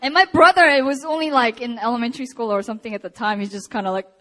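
A young woman preaching a sermon and telling a personal story, animated with laughs and acted-out quotes. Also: on the high side, racing.

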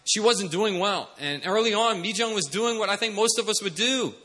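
A man preaching a sermon, animated, shifting from soft mimicry to loud commands. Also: high voice, normal speed. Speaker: pastor.

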